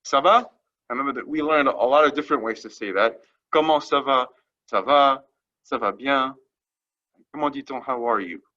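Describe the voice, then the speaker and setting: A man's voice: mid-range voice, moderate pace, pauses often, sharp tone, highs cut off. A man teaching French vocabulary to a class, explaining each phrase patiently and checking in after each one. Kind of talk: classroom lesson.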